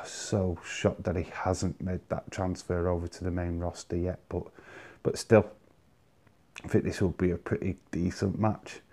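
A man's voice: sits low, a little mellow. A man hosting his own vlog, chatting casually and confidently giving his predictions. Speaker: wrestling vlog host. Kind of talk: casual solo commentary.

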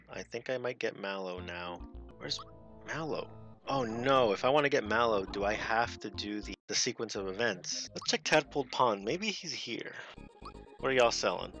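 A man giving lively let's play commentary, laughing and talking back to game characters. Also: lowish voice, gravelly. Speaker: gaming video host.

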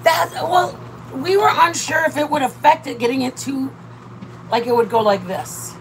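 A woman's voice: high-pitched, moderate pace, a little hiss or hum, low-quality recording. A woman from Michigan chatting casually while cooking with her partner at their RV, rambling and laughing often. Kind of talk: casual live-stream chat. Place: RV campsite during a rainstorm.

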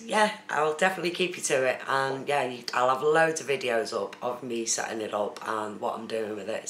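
A woman's voice: extremely low pitch, a bit bright. A woman from the UK chatting casually on a live stream, reading out viewer comments and answering them. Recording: echoey room with faint noise.

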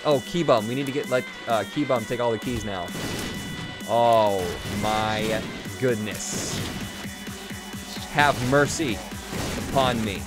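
A young man commenting on his own game run, excitable, swinging from quick mumbles to loud whoops and swearing freely. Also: mid-range voice. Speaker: gaming YouTuber. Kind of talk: Let's Play commentary. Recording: game music playing behind.

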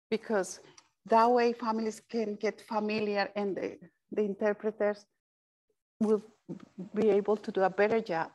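A woman speaks to a room of service providers at a mid-range pitch. Her talk is earnest and halting, full of restarts and repeated words. She drops phrases into her English. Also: a little mellow, low-quality recording. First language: Spanish. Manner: mixes Spanish phrases into English. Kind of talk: panel talk.

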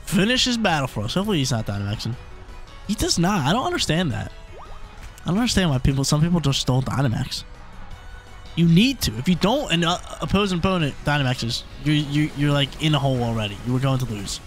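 A man hosting a gaming channel, chatting excitedly and thinking out loud as he commentates a video game battle, with a scratchy throat. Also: on the high side, quick pace, soft background music. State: coughing, throat irritated.

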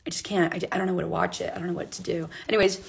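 Alone at home, a young woman livestreams casually, hyper and giddy as she rambles into her phone. She speaks rapid-fire with a fairly low, flat, creaky voice that has a breathy edge.

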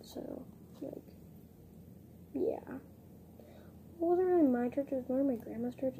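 A giggly young woman chats her way through a casual vlog, rambling from one thought to the next and laughing at herself. Her voice sits high but has a soft, mellow tone. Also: highs cut off, a little hiss or hum. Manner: chatty, giggly, rambling and self-mocking. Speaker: vlogger.

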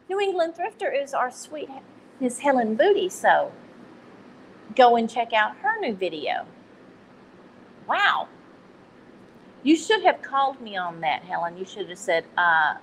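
A woman's voice: high voice, sing-song, measured pace, pauses often, a little hiss or hum, poor audio. A woman with a Texan accent hosting a casual live stream, chatty and self-deprecating, laughing at her own slips. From Texas.

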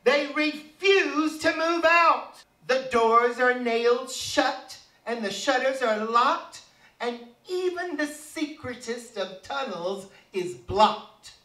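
A man's voice: very high voice, takes it slowly, pushed and bright. A man in drag persona reciting a mocking comic poem in rhyming verse, recorded from a distance in an echoey room. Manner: campy, mocking storyteller delivery. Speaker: drag performer.

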